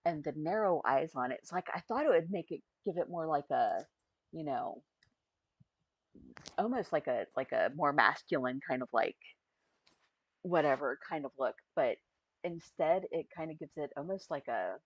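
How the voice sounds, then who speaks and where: A streamer talks unhurriedly through a live avatar-building session, thinking aloud and letting sentences trail off. The voice has a gravelly, husky edge and unhurried pacing. It sits on a muffled, lo-fi stream recording. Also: mid-range voice, lively intonation, no room sound. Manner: muttering to self, trailing off mid-thought.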